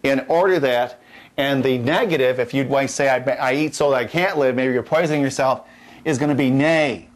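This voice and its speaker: A man's voice: mid-range voice, a little fast. A middle-aged man teaching Latin at a whiteboard in a classroom, folksy and jokey, repeating key points and restarting his sentences.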